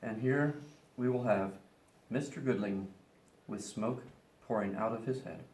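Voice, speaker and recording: A man's voice: on the low side, unhurried, darkish tone, echoey room. A man teaching a class, playfully explaining each step of a science demonstration to students.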